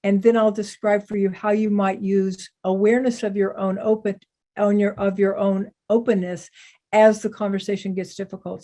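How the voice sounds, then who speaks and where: Woman, communication lesson, measured, gentle, step by step, mid-range voice. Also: mid-range voice. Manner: measured, gentle, talks through an example step by step. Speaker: physician teaching communication skills. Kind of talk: calm instructional talk.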